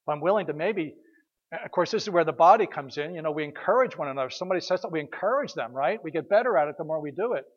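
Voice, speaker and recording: High-voiced pastor preaching casually. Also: male voice, lively intonation, very fast, few pauses, lo-fi sound. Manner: conversational storytelling, repeats words, rhetorical questions. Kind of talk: sermon.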